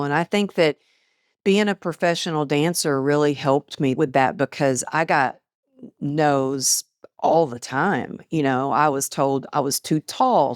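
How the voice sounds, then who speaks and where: A woman's voice: low voice, no room sound, clean studio sound. A middle-aged woman, a podcast guest and author, telling stories animatedly and acting out quoted dialogue. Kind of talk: casual storytelling interview.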